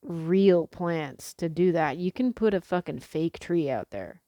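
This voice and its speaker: Chatty, swearing woman vlogger, low voice. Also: measured pace, mellow, no echo, clean studio sound. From Pacific Northwest. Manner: chatty, swears freely, frequent fillers and restarts. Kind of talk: casual rambling monologue.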